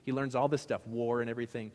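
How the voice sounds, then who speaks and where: A man's voice: mid-range voice, flat delivery, fast talker, darkish tone, long reverb tail. A male pastor giving a sermon in a conversational, joking way, asking the congregation questions.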